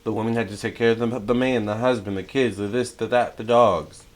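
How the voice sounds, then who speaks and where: A young man giving a casual tarot channeling talk, chatty and excitable, with many fillers and self-corrections. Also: on the low side, fairly quick. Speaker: tarot reader.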